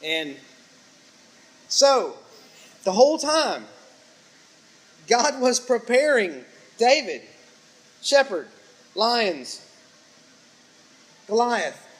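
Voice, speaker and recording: A man's voice: extremely high pitch, very animated, very slow, pauses often, fairly bright tone. A male pastor preaching a sermon, telling a story with acted-out quotes and punchy sound effects.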